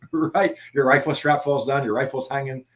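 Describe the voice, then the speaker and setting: A man's voice: mid-range voice, moderate pace. A man telling war stories in casual chat, laughing often and swearing freely. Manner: laughing, profane, animated anecdotes. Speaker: former Marine guest.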